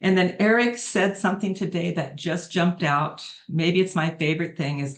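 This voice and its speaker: A woman's voice: on the low side, normal speed, few pauses. A middle-aged woman giving an emotional, earnest testimonial on a video call, speaking from the heart and rambling a little.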